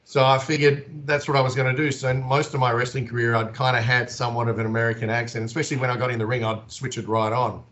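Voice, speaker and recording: A man's voice: medium pitch, level tone, fast, few pauses, a bit bright. Laid-back Australian man on a dull line. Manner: laid-back, chatty, laughs easily. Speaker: wrestler and actor, interview guest. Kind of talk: relaxed storytelling in conversation.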